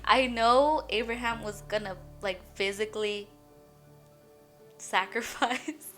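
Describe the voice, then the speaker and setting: A young woman with a bright, clear voice tells a personal faith story in a rambling, chatty vlog style, peppering it with "you guys" and "like." She sounds shaky and tearful, caught between laughing and crying. Soft music plays faintly behind her. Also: on the high side, takes it slowly. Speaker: boutique owner sharing a faith testimony. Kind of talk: emotional personal testimony vlog.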